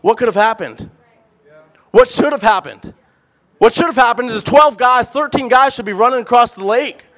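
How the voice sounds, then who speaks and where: A young man preaching a sermon, animated and emphatic, firing off rhetorical questions and repeating words. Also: extremely high pitch, normal speed.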